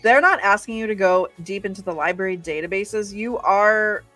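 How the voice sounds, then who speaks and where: A woman co-hosting a live library research show, giving quick, friendly reminders and asides in a casual way. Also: mid-range voice, a bit bright, soft background music. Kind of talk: casual live instructional chat.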